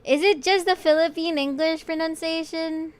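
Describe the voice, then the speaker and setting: Her voice is very high-pitched, with fairly even intonation and a moderate pace. She's a vtuber painting on stream, joking with her audience, dropping casual swears, and thinking out loud to chat.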